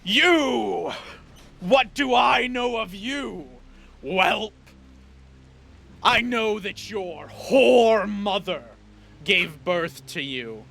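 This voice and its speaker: A man voicing a cruel tyrant father who speaks in a booming, echoing voice and hurls slow, menacing insults. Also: lively intonation, creaky, pushed and bright, a little hiss or hum, exaggerated voice. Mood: furious.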